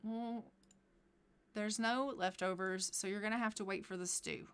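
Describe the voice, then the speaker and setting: A woman's voice: medium pitch, fairly even intonation, normal speed, fairly bright tone, smooth, close to an everyday voice. Woman voicing a sassy cook wife. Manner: sassy, scolding. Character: proud, exasperated wife and expert cook in a life-sim game.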